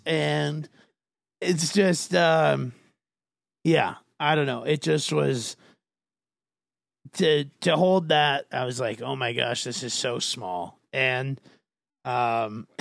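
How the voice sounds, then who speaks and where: A man hosting a podcast, chatting casually in a rambling, halting way with many fillers. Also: fairly high pitch, vocal fry, dry recording. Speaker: podcast host. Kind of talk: casual chat.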